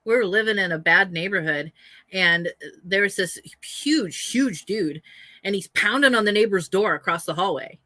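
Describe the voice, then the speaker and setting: A woman's voice: medium pitch, normal speed, sharp tone, dry recording. A woman guest in a casual chat, telling stories bluntly and emphatically and laughing through them.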